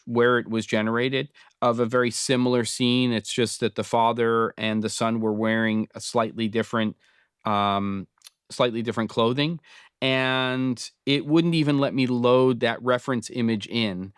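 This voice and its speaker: A man in his fifties, from Britain, talks through his screen in a relaxed, meandering way, pausing on ums as he thinks. His voice is smooth and resonant at a middle pitch, recorded close and dry. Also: dry recording. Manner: relaxed, thinking aloud with many fillers. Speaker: host. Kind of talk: casual screen-recorded tutorial.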